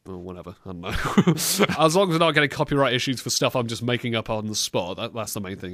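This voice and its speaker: A man's voice: on the low side, expressive, fast talker, fairly bright tone, dry recording, clean studio sound. A man hosting a podcast, joking in casual commentary and rambling, stammering and repeating words as he goes. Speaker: podcast host.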